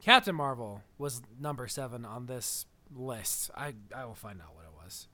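A man's voice: mid-range voice, lively intonation, moderate pace, sharp tone. A man co-hosting a podcast, chatting casually about films in a rambling, digressive way and laughing often. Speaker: podcast co-host. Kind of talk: casual film chat.

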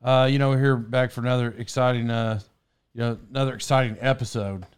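A man's voice: medium pitch, steady tone, fast talker, smooth. A man hosting a podcast from a studio, telling a story in a casual, rambling way, cutting himself off and laughing often. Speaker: podcast host.

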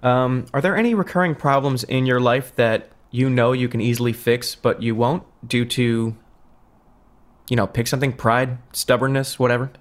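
A podcast co-host chatting casually, halting often and filling pauses with uh and um. His delivery is dry and understated, with the loose pace of friendly banter. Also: medium pitch. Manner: hesitant, lots of filler words, dry. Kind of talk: casual comedic chat.

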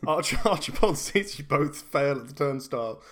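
A man's voice: fairly high pitch, lively intonation, moderate pace, a bit bright. Rambling, laughing male game master. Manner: rambling, laughing between restarts. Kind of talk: narrating a comedy tabletop game.

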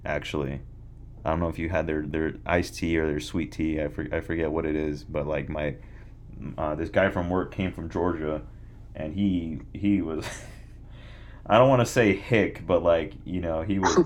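A man from California hosting a casual podcast chat, rambling, swearing freely and getting animated. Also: very deep voice, normal speed, a little hiss or hum. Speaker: podcast host.

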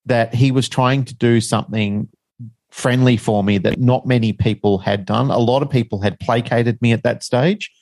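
A man's voice: medium pitch, fairly even intonation, normal speed, vocal fry, darkish tone, dry recording. A middle-aged man, telling a personal story as a guest in a frank, rambling, self-deprecating way.

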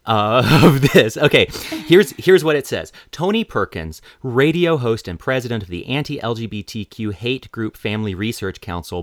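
A man's voice: fairly low pitch, no echo. A man hosting a podcast, reading articles aloud and adding critical commentary. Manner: critical, reads news aloud. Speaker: podcast host.

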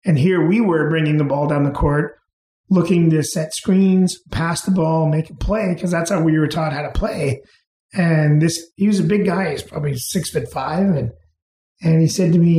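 Interview guest, man, easygoing rambling stories; mellow, slightly high voice in a reverberant room. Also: normal speed. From England, raised in Canada. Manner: relaxed, rambling with fillers and restarts. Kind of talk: casual storytelling.

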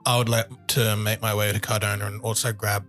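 Low-voiced male player, laid-back and blunt. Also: little pitch movement, a little fast, a bit bright, faint music behind. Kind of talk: casual tabletop play.

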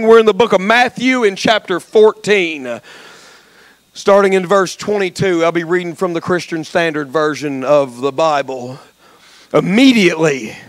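A male pastor preaching a sermon, jumping from folksy jokes to shouted exhortation. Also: sits high, no room sound. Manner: passionate, swings from quiet asides to shouted exhortation; folksy, joking asides. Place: church sanctuary.

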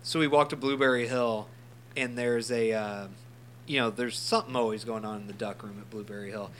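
A man's voice: mid-range voice, fairly even intonation, brisk, a bit bright, slight background noise. A man co-hosting a casual podcast, telling a funny story with plenty of laughs and swearing. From St. Louis area. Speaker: podcast co-host. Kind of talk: casual chat.

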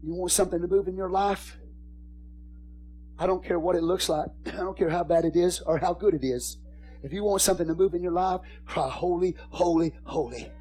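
Husky-voiced pastor preaching with fervor. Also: male voice, high-pitched, fairly quick. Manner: swings from hushed whispers to shouted crescendos; repeats phrases for emphasis. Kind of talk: sermon.

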